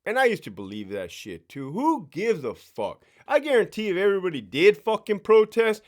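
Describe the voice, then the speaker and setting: A man's voice: high-pitched, sing-song, normal speed. A man, a former prison sergeant, ranting bluntly and profanely in a casual vlog, often repeating and restarting words.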